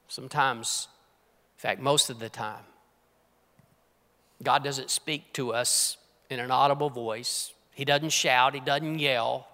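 A man preaching a sermon as pastor, dropping to hushed whispers and rising to emphatic, forceful lines. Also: mid-range voice, fairly even intonation, slow, long pauses. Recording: long hall reverb.

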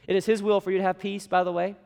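A man's voice: sits high, level tone, racing, vocal fry, a little mellow, clean tone. A young man preaching a sermon as pastor, earnest and exhorting, with folksy asides to the congregation. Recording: long hall reverb.

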